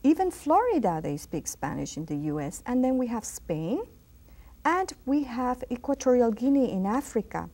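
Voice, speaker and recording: A patient woman teacher in middle age leads a school TV language lesson. She repeats each word slowly and stresses it clearly, like someone drilling a class. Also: on the high side, sing-song, a little mellow.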